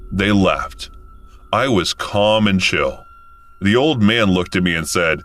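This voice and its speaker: Man in his 30s, story narration, deep voice, expressive lively intonation. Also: unhurried, faint music behind. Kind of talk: first-person story narration.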